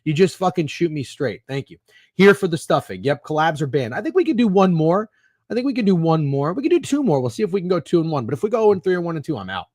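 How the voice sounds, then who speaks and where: A man's voice: on the high side, big pitch swings, fast talker, darkish tone, no echo, clean studio sound. A man in his thirties hosting a sports betting podcast, chatting casually in a rambling, opinionated and profane way while reading live comments.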